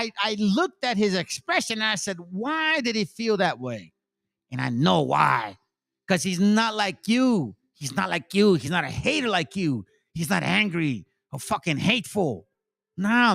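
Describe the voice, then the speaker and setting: High, creaky and a bit bright, the man's voice belongs to a channel host who sells insurance. He is heated and cursing throughout, sarcastic, and keeps repeating himself in an angry, profane rant.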